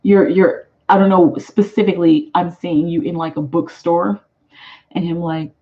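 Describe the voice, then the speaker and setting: A woman's voice: on the low side, fairly even intonation, a little slow, mellow, muffled recording. An American woman giving chatty live tarot readings, reading viewer comments aloud and laughing often. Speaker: tarot reader.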